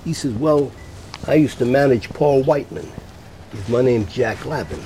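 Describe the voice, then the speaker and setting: A man's voice: medium pitch, normal speed. Older guy telling old showbiz stories on the radio, does all the voices, bit of hiss behind him. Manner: lively anecdotal storyteller, acts out quoted voices. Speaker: guest, veteran voice actor and musician. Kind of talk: radio interview storytelling.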